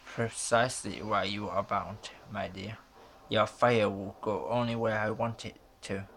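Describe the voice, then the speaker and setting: A man reads out a cold male villain jailer, sneering and condescending, with a low, gravelly voice. He talks slowly, taunting his captives. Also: flat delivery, a bit bright, slight background noise.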